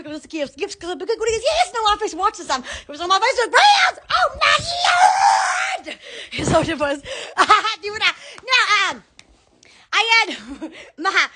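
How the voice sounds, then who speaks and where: Talking up her shop's products on a live phone stream, this Southern-accented online shop owner exclaims, giggles, and keeps repeating "oh, yes." Her very high voice sounds pushed and bright.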